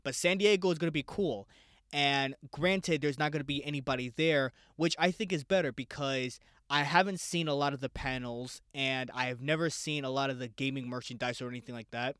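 A young man from the United States hosting a casual solo podcast, excitable, swearing freely and talking straight to his listeners. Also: mid-range voice, brisk, clean tone, no echo, studio quality. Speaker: podcast host.

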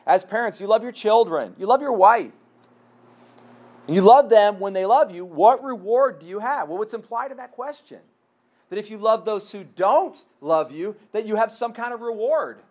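A man giving a sermon in an earnest, conversational way, asking his listeners rhetorical questions. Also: high voice. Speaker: pastor.

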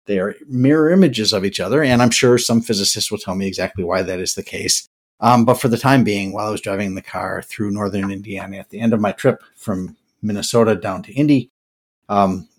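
A man's voice: lowish voice, slightly rough. An older man hosting a podcast, talking through his thoughts in a reflective, musing way and often restarting his words. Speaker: podcast host. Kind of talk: casual podcast monologue.

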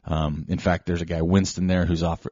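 Low husky man telling a rambling story. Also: normal speed, no echo. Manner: rambling, self-deprecating, animated anecdotes. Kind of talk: casual storytelling monologue. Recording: slightly dull lo-fi recording.

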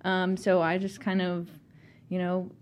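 A woman hosts a casual interview in a fairly low voice. She nudges her guest along with encouragement and frequent short affirmations. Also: monotone, a little slow, darkish tone. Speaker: podcast host.

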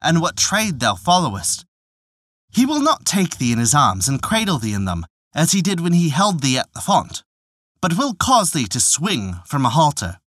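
A man's voice: fairly high pitch, huge pitch swings, moderate pace, fairly bright tone, no room sound, clean studio sound, full character voice. A man voicing an old peasant father, earnest and old-fashioned in his speech.

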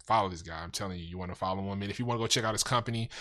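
A man's voice: deep voice, racing, pushed and bright. Laid-back man hosting a podcast. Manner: laid-back, repeats "you know" and "man". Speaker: podcast host. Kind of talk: casual interview chat.

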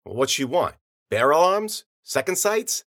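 A man's voice: a little high, sing-song, measured pace, fairly bright tone, full character voice. A man voicing a brash, crude, wisecracking tough guy who curses a lot. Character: brash, foul-mouthed tough guy, male, century-old.

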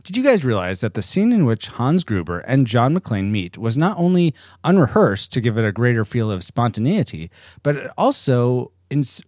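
A man hosting a casual podcast chat, lively and joking, often laughing. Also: medium pitch, no echo, studio quality. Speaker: podcast host.

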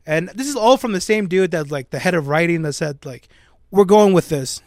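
A young man co-hosting a podcast, telling a story in a casual, animated way with jokey asides. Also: fairly high pitch, brisk, no echo, clean studio sound. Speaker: podcast co-host. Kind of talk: casual chat.

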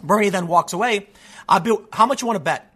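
A man giving an animated, sarcastic political commentary, talking casually and sounding a bit stuffy from allergies. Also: sits high, quick pace. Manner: animated and sarcastic, with frequent mocking voices. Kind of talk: casual opinion monologue.

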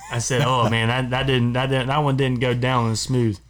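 A man's voice: mid-range voice, level tone, normal speed, a bit bright, slight background noise. A man co-hosting a podcast in a studio, telling a long casual story among friends, rambling, repeating himself and laughing as he goes. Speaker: podcast co-host.

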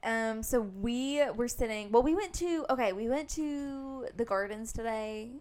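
A young woman co-hosting a podcast tells a story in casual conversation, animatedly acting out quotes and saying "like" a lot. Her voice is a little high and a little slow.

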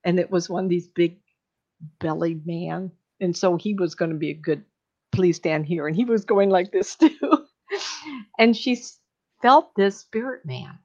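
A woman's voice: fairly low pitch, moderate pace, darkish tone, muffled recording. A middle-aged woman, a psychic medium, telling stories in casual chat, laughing often and acting out voices.

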